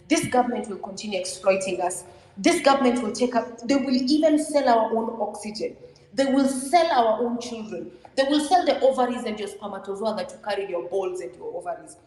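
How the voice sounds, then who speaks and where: Angry Kenyan woman, fairly high voice, profane repetitive rant, echoey reverberant room. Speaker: doctor speaking in an online audio space. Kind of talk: impassioned political rant.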